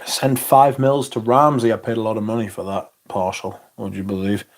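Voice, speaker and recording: A man's voice: lowish voice, little pitch movement, moderate pace. A man hosting a casual livestream, reading out viewer comments in a laid-back, rambling way and swearing now and then. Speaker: livestream host.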